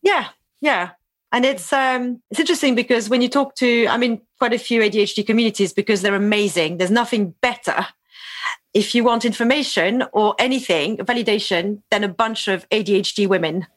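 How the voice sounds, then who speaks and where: A chatty woman in her forties, from France, talking through an interview with easy laughter. Her voice is mid-pitched and sits close and dry, with no room sound around it. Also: a little fast, dry recording. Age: 40s. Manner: chatty, laughs often, restarts sentences. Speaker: podcast guest. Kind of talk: casual conversation.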